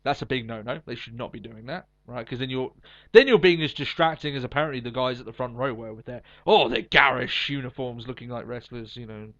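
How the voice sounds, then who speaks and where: Speaking fast at a medium pitch, a wrestling podcast co-host offers blunt, opinionated takes and swears freely. It's casual wrestling chat, captured in slightly dull lo-fi sound.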